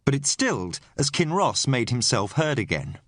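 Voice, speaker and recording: Male audiobook narrator, mid pitch, animated delivery, dry studio read. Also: normal speed, no room sound. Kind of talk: scripted first-person audiobook narration.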